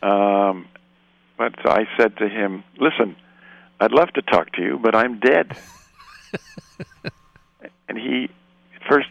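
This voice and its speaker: A man's voice: on the low side, takes it slowly, vocal fry, long pauses, no echo, highs cut off. An older man from Canada, a film director, telling rambling anecdotes in a radio interview and acting out the voices of the people in his stories.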